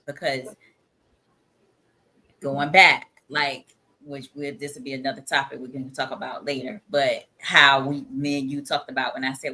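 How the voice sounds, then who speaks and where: A woman's voice: extremely low pitch, bright, forceful tone. Frank, emphatic woman co-host. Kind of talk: casual podcast talk.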